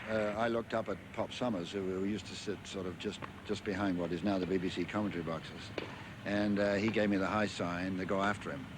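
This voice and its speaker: An older English man, a former tennis champion, recalling his career in a rambling interview full of fillers and restarts. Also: on the low side. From England. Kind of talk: interview reminiscence. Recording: archive interview with clear background noise.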